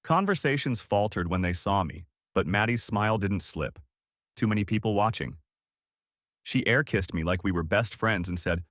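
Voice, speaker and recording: Low-voiced man narrating a story. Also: animated, normal speed, a bit bright, dry recording, clean studio sound. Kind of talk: first-person story narration.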